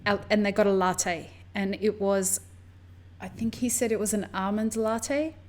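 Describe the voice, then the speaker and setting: A woman from the US hosting a podcast, telling stories in a lively, chatty way. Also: medium pitch, unhurried. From United States. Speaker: podcast host. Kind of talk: casual conversation.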